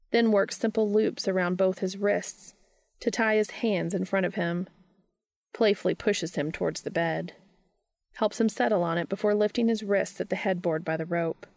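A woman calmly reading fan fiction aloud in an unhurried narrating voice. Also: medium pitch, gravelly, no echo, clean studio sound. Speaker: reader.

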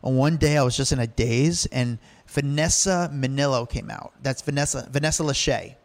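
A man's voice: medium pitch, normal speed. A man telling stories in a casual chat, acting out the lines he quotes and laughing often.

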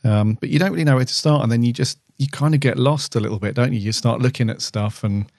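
A man co-hosting a podcast, chatting in a relaxed, agreeable way. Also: medium pitch, fast talker, gravelly, no echo, studio quality. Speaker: podcast co-host. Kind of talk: casual chat.

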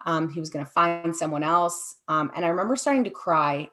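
Woman, slightly low voice, candid, halting, filler words, interview guest. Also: a bit bright. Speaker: guest sharing her story. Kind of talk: personal testimony interview.

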